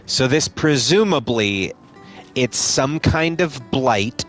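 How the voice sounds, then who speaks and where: A man's voice: mid-range voice, expressive, slow, a bit bright. A man casually commenting on a game he streams live, joking and swearing, with game music behind.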